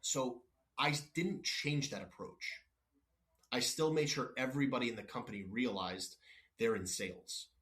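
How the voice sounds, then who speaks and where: A company executive appears as a guest on a casual podcast, bluntly telling workplace stories and acting out back-and-forth exchanges. He often restarts and apologizes, and he drifts off topic. His voice is mid-range and fairly bright, at a moderate pace.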